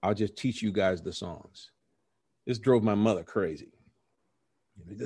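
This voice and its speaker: Man, middle-aged, low voice, dry close sound, animated storyteller, interview guest. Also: unhurried, breathy edge, no room sound. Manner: animated storyteller who acts out quoted voices. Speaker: interview guest, jazz musician.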